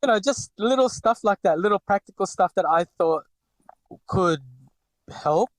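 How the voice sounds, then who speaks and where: A Filipino man in his forties, lightly accented, guests on a podcast in a high, animated voice at a moderate pace. The recording is dry. He hesitates often, filling gaps and restarting his thoughts.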